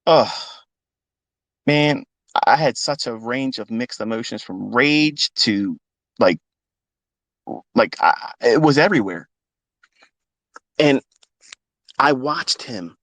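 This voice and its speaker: A man's voice: medium pitch, lively intonation, slow, long pauses, a bit bright, dry recording. A fifty-year-old man, a trading mentor, speaking off the cuff in a live audio talk, emotional and blunt and swearing freely. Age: 50s.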